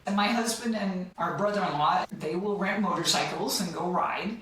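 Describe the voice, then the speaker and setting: A woman's voice: fairly low pitch, normal speed, a bit bright. Enthusiastic woman, echoey and distant. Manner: enthusiastic, laughs often, trails off mid-sentence. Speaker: podcast guest. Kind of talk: casual chat.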